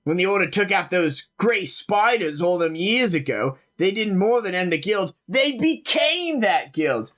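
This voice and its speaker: A man's voice: high-pitched, sing-song, measured pace, few pauses, fairly bright tone, pitched above the performer's own voice, exaggerated voice. A man playing a farmhand in a tabletop game who shares rumors bluntly and in a conspiratorial way. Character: gruff gossiping male farmhand.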